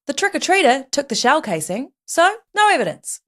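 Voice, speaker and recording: A woman with a high, very animated voice narrates a true-crime case for a podcast. She tells it casually and jokingly, and her pitch swings widely from line to line. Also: moderate pace. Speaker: podcast co-host and storyteller.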